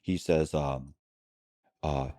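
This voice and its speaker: A man recounting his past as a podcast guest, telling it with lots of quoted back-and-forth and quick restarts. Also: very deep voice, no echo, clean studio sound. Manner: animated retelling with quoted dialogue and frequent restarts. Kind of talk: storytelling in a long-form interview.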